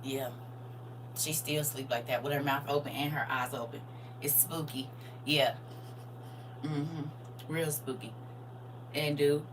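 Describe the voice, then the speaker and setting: A middle-aged woman chatting excitedly and casually to her viewers on a live stream. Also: sits low, a little slow, pauses often, slight background noise, rough recording. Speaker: livestream host.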